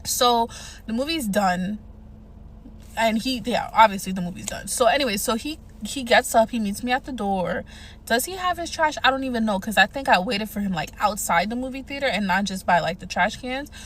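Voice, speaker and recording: A woman telling a dating story in a casual, animated, profane way, acting out what people said. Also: fairly high pitch, normal speed, slight background noise. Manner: animated, profane, acts out quotes.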